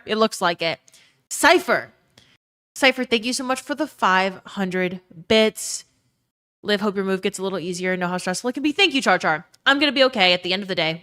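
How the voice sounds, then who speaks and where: A woman's voice: medium pitch, bright, forceful tone. A young woman streamer in casual chat, ranting with plenty of swearing and reading chat messages aloud. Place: her own emptied bedroom.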